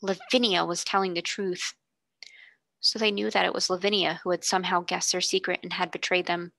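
Bright-voiced woman reading a novel. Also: fairly low pitch, little pitch movement, a little fast, vocal fry, no echo. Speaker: tutor reading aloud. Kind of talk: reading a classic novel aloud.

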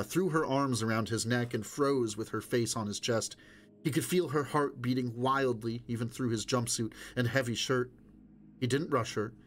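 A male narrator reading a novel in a steady, measured voice of middling pitch. A faint background hiss sits beneath the reading. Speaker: audiobook narrator.

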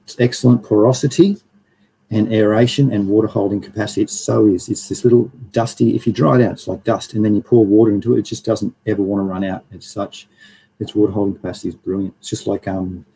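A man's voice: fairly low pitch, fairly even intonation, brisk, mellow, slightly rough, rough recording. A man hosting a live stream, reading through slides in a rambling, casual way and greeting viewers in the chat. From Australia.

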